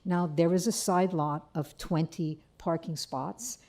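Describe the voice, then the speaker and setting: Older lady at a hearing, low voice, keeps saying sorry and okay, kinda shaky. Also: a little slow, darkish tone. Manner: rambling, apologetic, asks okay often. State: shaky voice, cold and hungry. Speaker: resident speaking at a public hearing. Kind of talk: public comment at a hearing.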